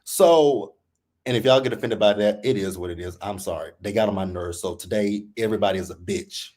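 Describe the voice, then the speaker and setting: A man's voice: lowish voice, brisk. Profane, exasperated male recap ranter. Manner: profane, animated, exasperated, quotes people in put-on voices. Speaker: reality TV recap host. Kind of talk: heated casual recap rant.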